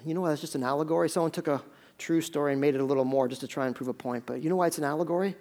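A man preaching a sermon as pastor, telling a story with sudden loud peaks and hushed stretches, often restarting his words. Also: a little high, racing. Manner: storytelling, swinging from loud urgent peaks to hushed near-whispers.

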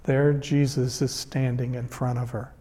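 A man's voice: medium pitch, flat delivery, unhurried, mellow, in a large hall. A man preaching a sermon as a pastor, retelling a scripture story in an earnest, emphatic way.

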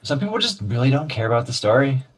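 A man co-hosting a casual gaming podcast, mumbling through his points with a self-deprecating streak. His voice is husky and swings widely in pitch. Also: sing-song, quick pace. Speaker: podcast co-host.

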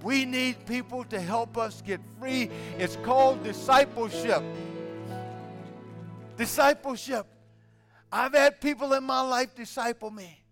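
An older man preaching as a guest speaker, telling stories in a halting way that often repeats words. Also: very high voice, fairly bright tone, faint music behind. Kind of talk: sermon.

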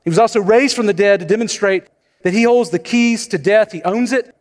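A man's voice: sits high, brisk, long reverb tail. A man preaching a sermon as pastor, in a conversational style with storytelling asides.

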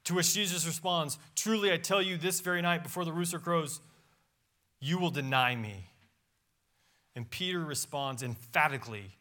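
A man's voice: a little high, expressive, normal speed, pushed and bright. A pastor preaching a sermon in a church, reading scripture aloud with emphatic rises and drops in his voice. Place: church sanctuary.

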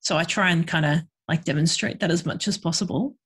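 A woman speaks frankly in a casual podcast chat. She has a husky, slightly breathy voice and a loose, chatty delivery full of fillers. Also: lowish voice, fairly quick, fairly bright tone. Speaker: guest, sex worker and educator.

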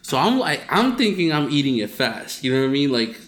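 A man in casual chat, telling a story in a relaxed, dry way. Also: fairly high pitch, brisk.

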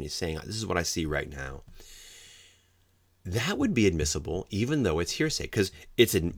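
Very deep gravelly male legal lecturer. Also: no echo. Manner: explanatory, acts out quoted examples with sudden loud outbursts. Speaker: legal trainer for law enforcement.

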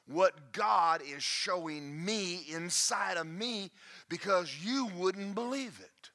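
A man preaching a sermon, emphatic and folksy, often shouting to the congregation in a church. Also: high voice.

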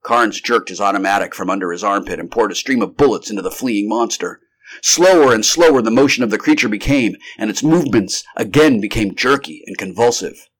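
With a fairly low, fairly bright voice and a slightly quick pace, the amateur narrator gives an unrehearsed live reading of a 1930s science fiction tale. Now and then he stops mid-sentence and starts over.

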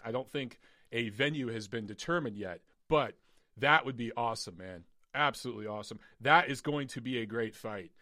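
Male live-stream boxing host, forceful and blunt, voice wearing thin, recorded in a padded home studio. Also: medium pitch, no echo. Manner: blunt, emphatic, profane ranting. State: losing his voice.

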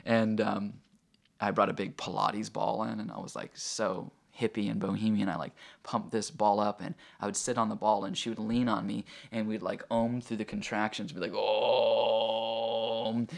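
A man with a low, gravelly voice tells a personal story in a loose, casual way. He keeps it lively with lots of fillers and acts out the people he quotes. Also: normal speed. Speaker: guest telling a personal story.

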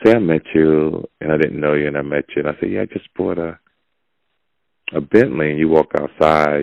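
Very deep gravelly man ranting. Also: steady tone, quick pace, no echo. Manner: blunt, preachy, gravelly and low. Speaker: podcast host. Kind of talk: casual opinionated monologue. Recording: dull lo-fi audio.

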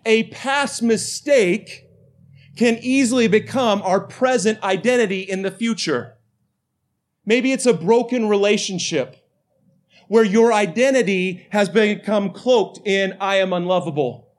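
Pastor, man, late 30s, high voice; relaxed, self-mocking sermon delivery to a live church. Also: unhurried. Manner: conversational, self-deprecating humor. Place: church before a live congregation.

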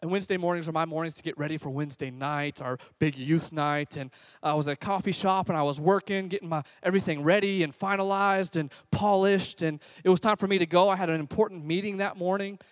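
A man with a high-pitched voice preaching an energetic sermon as a youth pastor. He exhorts the congregation and leads them in call-and-response. The sound is dry and close. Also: fast talker, no room sound. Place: church service before a congregation.

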